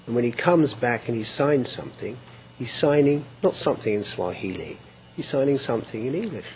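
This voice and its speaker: Male defence counsel, mid-pitched voice, formal but halting; faint room noise behind. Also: animated, poor audio. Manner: formal, hesitant, with restarts. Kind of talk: courtroom argument. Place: courtroom.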